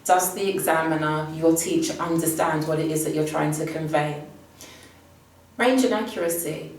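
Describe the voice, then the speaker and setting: A woman's voice: deep voice, normal speed. A woman teaching Spanish, giving an upbeat, emphatic exam prep lesson. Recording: distant mic with heavy room echo.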